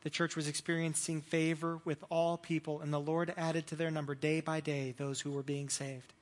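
A man's voice: fairly high pitch, little pitch movement, normal speed. A man preaching a sermon as pastor, earnest and repeating words as he builds his points.

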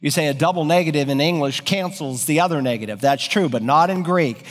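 A man's voice: a little high, fairly quick, long reverb tail. A man preaching an expository sermon, explaining Greek word order and building to emphatic peaks. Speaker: pastor.

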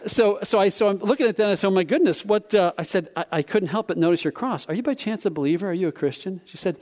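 A man preaching a sermon, telling a personal story in an animated way with many restarts. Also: high voice, quick pace.

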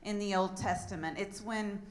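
A woman pastor preaching and reading a Bible passage aloud, relaxed and laughing at her own slips. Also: medium pitch, normal speed.

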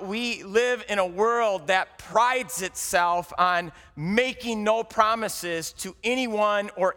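A high-voiced pastor delivers a sermon in a church sanctuary, telling the story with drama as his voice swells loud and then sinks to a hush. A long hall reverb carries his words away.

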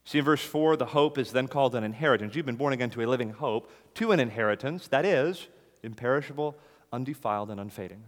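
A man preaching a sermon to a congregation, emphatic, rising louder on key phrases and dropping low after them. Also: fast talker, long reverb tail.

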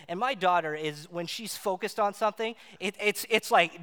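A man preaching a sermon, telling a personal story in an animated way and acting out the voices in it. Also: high voice, brisk, hardly any pauses. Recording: long hall reverb.

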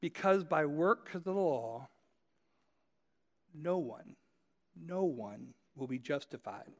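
A man with a fairly high voice preaches a sermon. He tells his points as a story, speaking straight to the people listening and repeating key phrases to drive them home. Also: animated, slow. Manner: conversational storytelling, addressing listeners directly. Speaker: pastor.

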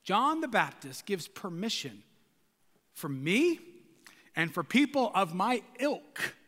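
A pastor delivers his sermon with a very high, bright voice that rises and falls freely. He is loud and passionate and pushes to a shout for emphasis. His voice rings through a hall with a long reverb. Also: very animated, slow.

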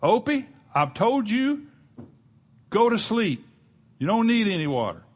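A stern, exasperated father calls up the stairs in a pitched-up, scolding voice, as a male preacher acts him out in a story. The voice is husky and raised well above a normal speaking tone. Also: lively intonation, fast talker.

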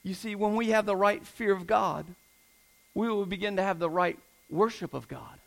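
A man's voice: sits high, normal speed, creaky, low-quality recording. A man in his thirties preaching a sermon, earnest and fond of repeating phrases for emphasis. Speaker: pastor.

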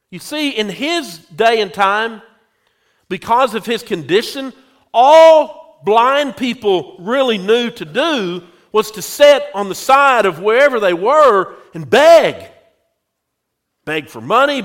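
A male pastor preaching a sermon, telling a story slowly and speaking directly to his congregation. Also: high voice, a bit bright. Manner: slow, drawn-out storytelling, addressing the congregation directly.

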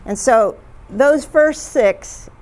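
A woman leading a group discussion, retelling stories in a chatty, halting way with frequent fillers. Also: high voice, lively intonation, a little mellow. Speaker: discussion leader.

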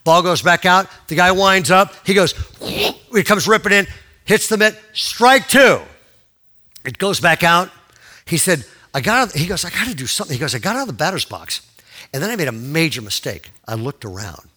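A man preaching from the pulpit, spinning a story with big swings between hushed and excited delivery. His voice is bright and edged, sitting a little high for a man. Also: moderate pace. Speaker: pastor. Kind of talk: sermon storytelling.

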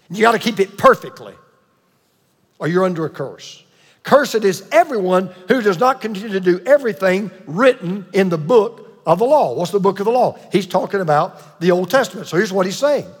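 A man's voice: sits high, lively intonation, moderate pace, slightly rough, long reverb tail. A man preaching a sermon with emphatic delivery, repeating key points and calling on the congregation to answer. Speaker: pastor.

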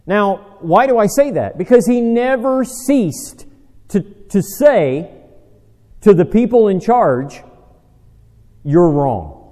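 A man with a high, expressive, dark-toned voice takes his time preaching a conversational sermon for a Bible study. In the long-reverb acoustics of a large hall, he chats, questions his listeners, and uses dry self-deprecating humor.

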